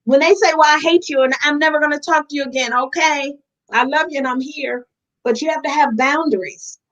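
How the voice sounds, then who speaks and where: High-voiced earnest woman. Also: brisk, a bit bright, low-quality recording. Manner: earnest, heartfelt, addresses listeners as y'all. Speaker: guest in recovery. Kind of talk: candid interview talk.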